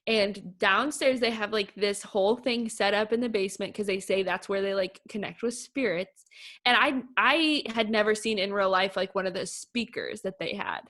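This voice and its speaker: A woman's voice: medium pitch, moderate pace, fairly bright tone. A woman co-hosting a podcast, gushing and animatedly retelling reality TV scenes in casual chat. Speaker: podcast co-host.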